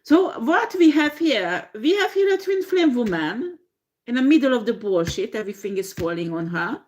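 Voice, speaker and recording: A woman giving a tarot reading, swearing freely, laughing often and filling pauses with ums and uhs. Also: a little high. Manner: profane, laughing, animated storytelling with frequent fillers. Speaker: tarot reader.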